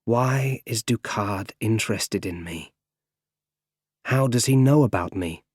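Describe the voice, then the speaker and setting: A tired young man speaking in a weary, questioning way, read by a male audiobook narrator. The delivery is slow and the recording is dry and close. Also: fairly low pitch, husky, no echo. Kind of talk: audiobook character reading.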